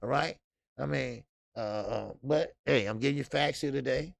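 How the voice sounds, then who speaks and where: A gravelly-voiced man hosts a boxing livestream and chats loosely with his viewers, swearing freely and laughing hard. His voice is close to the mic in a dry room. The talk rambles and keeps doubling back. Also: mid-range voice, moderate pace, no echo. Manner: loose and profane, reading out chat comments, bursts of laughter. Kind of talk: casual livestream chat.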